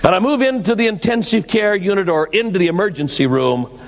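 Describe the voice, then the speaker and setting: An older male pastor preaching a sermon, slowing his delivery for emphasis and lifting his voice at exclamations. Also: high voice, long reverb tail.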